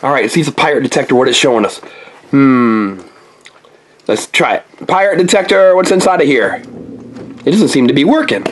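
Very low-voiced woman hosting a toy unboxing. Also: animated, normal speed, long pauses, slight background noise. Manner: playful, talks to a child helper, throws in pirate growls. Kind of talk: playful toy unboxing for kids.

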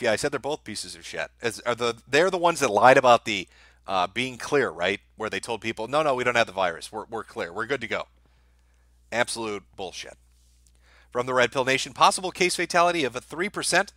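A man hosting a livestream, reading out viewer messages and answering them in a sardonic, deadpan way with plenty of swearing. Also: medium pitch, dry recording. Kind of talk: casual livestream commentary.

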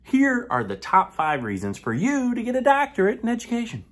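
A man's voice: very high-pitched, huge pitch swings, brisk, fairly bright tone. A man hosting a comedic sponsored countdown, talking playfully with sudden whispered asides. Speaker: comedian host of a sponsored segment.

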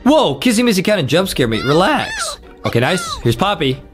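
A man's voice: high voice, huge pitch swings, normal speed, over music. A man co-hosting a gaming channel, giving hyped, exclamatory gameplay commentary. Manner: hyped and exclamatory, says bro a lot.

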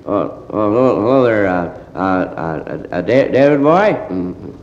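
A man on stage performs a one-sided phone call, groggy and sheepish, stumbling over his words. His pitch swings widely from sigh to yelp. It is an old, dull, hissy vinyl recording with a long, roomy echo. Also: animated, unhurried, darkish tone. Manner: groggy, stammering, sheepish hungover rambling. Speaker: stand-up comedian.

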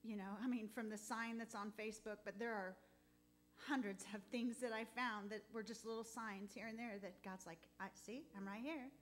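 A woman giving a heartfelt, halting testimony in church, close to tears at times. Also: on the high side, fairly even intonation, slight background noise. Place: church sanctuary.

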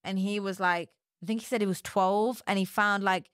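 A woman guest tells stories at length on a podcast, rambling, adding quick asides and laughing easily. Her voice sits at an ordinary middle pitch for a woman. The sound is dry and close to the mic. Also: steady tone, fairly bright tone, dry recording. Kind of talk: casual chat.

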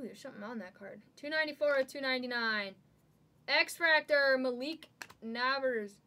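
Woman, card break host, bright tone, excitable, rattling off card names. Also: high voice. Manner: excitable, calls out cards rapidly. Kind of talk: live card-breaking stream.

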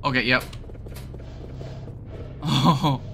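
A man playing a horror game with a friend, bantering, swearing and shouting when startled. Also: medium pitch, fairly even intonation, very slow, vocal fry, soft background music. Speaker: gamer streamer. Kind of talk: casual gaming banter.

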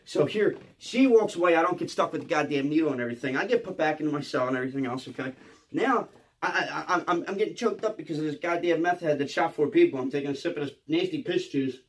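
Fast-talking, high-voiced male comic storyteller. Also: husky. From Philadelphia. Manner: profane, excitable, keeps asking "okay?"; stammers and restarts often. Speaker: comedian.

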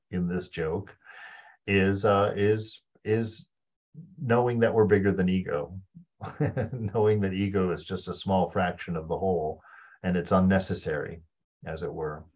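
A man's voice: on the low side, a little mellow, husky, dull audio. A man teaching a group in an informal spiritual talk. He chuckles often and stops, restarts and repeats words as he looks for phrasing. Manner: chuckles often, loose and conversational.

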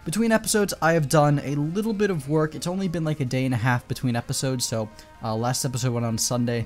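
A man giving casual, rambling commentary over his own gameplay, chatting to viewers and coaxing in-game animals along. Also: on the high side.

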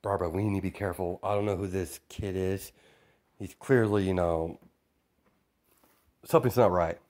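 A man's voice: deep voice, steady tone, normal speed, a little mellow, close to an everyday voice. A man playing a stern, guarded vigilante who fires off demanding questions. The voice is close to the storyteller's own, only a touch firmer. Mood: wary.

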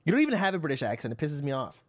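A man's voice: fairly high pitch, sing-song, racing. A man streaming a game and chatting casually, brash and trash-talking with plenty of swearing. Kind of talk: casual gaming stream chat.

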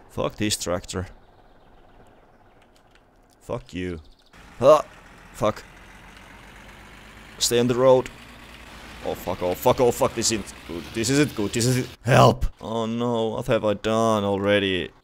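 Young Finnish-accented male streamer, lowish voice, shouty and profane, desk mic with faint noise. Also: vocal fry. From Finland. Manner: excitable, swearing, shouting at the game. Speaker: gaming youtuber. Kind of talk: let's play commentary.

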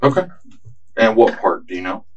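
A man's voice: fairly low pitch, moderate pace, lo-fi sound. A man questioning a suspect as a police detective, patient and probing, repeating questions to pin down details. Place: police interview room. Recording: distant mic in an interview room.

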